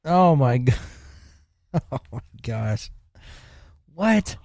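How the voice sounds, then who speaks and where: A man's voice: mid-range voice, very animated, very slow, darkish tone, dry recording, clean studio sound. A man hosting an interview, reacting with short amazed interjections. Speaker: interview host. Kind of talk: casual chat.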